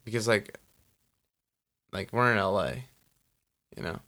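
Podcast co-host, man, low gravelly voice, loose rambling chat. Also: measured pace, sharp tone. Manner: rambling, lots of "like" and "you know". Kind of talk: casual chat. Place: Los Angeles.

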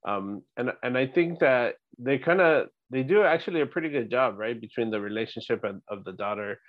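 A man's voice: mid-range voice, lively intonation, fairly quick, no room sound. A man co-hosting a casual podcast, thinking aloud about characters in a reflective way and often adding "right?". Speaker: podcast co-host. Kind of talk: casual rewatch chat. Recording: dry, slightly muffled lo-fi audio.

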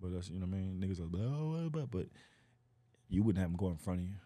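A man's voice: deep voice, fast, dry recording. A man, a comedian guest, telling stories in slangy casual chat and acting out the voices of the people he quotes. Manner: animated storyteller, slangy, acts out quoted voices.

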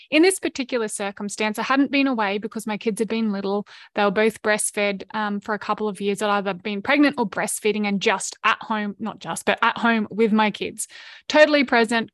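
A middle-aged Australian woman hosting a podcast, telling a personal story in an earnest, emotionally open way with quick asides. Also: medium pitch, no room sound, clean studio sound. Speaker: podcast host. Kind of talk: candid personal storytelling monologue.

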